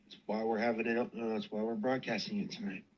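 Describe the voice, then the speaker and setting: A man hosting a live call-in stream, talking in a steady, matter-of-fact way. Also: lowish voice, fast, muffled recording. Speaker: livestream host.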